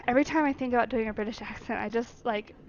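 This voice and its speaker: A woman's voice: a little high, fairly quick, highs cut off. A woman streamer reading a story game aloud, with chatty asides to her viewers between the read passages.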